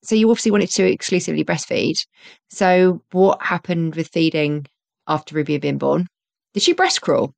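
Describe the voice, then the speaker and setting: A woman hosts a casual interview, chipping in with brisk, chatty remarks. Her voice is very low and gravelly. The recording is dry, with no room echo. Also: a little mellow. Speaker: podcast host.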